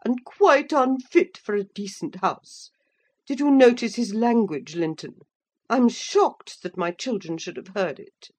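A prim old lady of the manor, easily scandalized, acted out by a woman reading a story. She sits noticeably higher than the reader's usual voice. She exclaims with indignation. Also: expressive, unhurried. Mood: disapproving.

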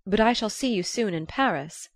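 A woman's voice: medium pitch, animated, moderate pace, no room sound, studio quality, lightly acted. A woman reading as a weary, clipped young husband.

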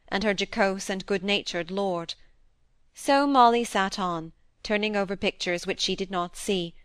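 A woman reading a classic novel aloud in a measured, expressive narration, recorded close to the mic. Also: medium pitch, clean tone, no echo. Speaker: audiobook narrator. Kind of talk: scripted narration.

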